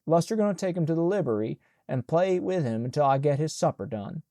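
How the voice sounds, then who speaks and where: A man reads as a bossy old housekeeper woman in a storybook reading. Her voice sits raised and forceful over his own mellow tone. She talks in a broad Southern dialect, firm and no-nonsense. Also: a little high, expressive, fairly quick, no echo, clean studio sound. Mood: scolding.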